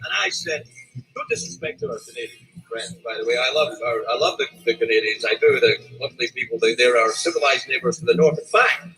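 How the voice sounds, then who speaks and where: A middle-aged Scottish man performing stand-up comedy at a dinner, animated, with sudden shouted outbursts. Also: mid-range voice, fast, poor audio. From Scotland.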